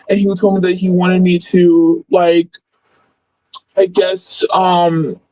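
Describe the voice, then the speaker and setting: A woman's voice: fairly low pitch, little pitch movement, slow pace, dark tone, dry recording, low-quality recording. A young woman telling a story casually, rambling and filling with "like" and "blah, blah.". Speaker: former friend recounting events.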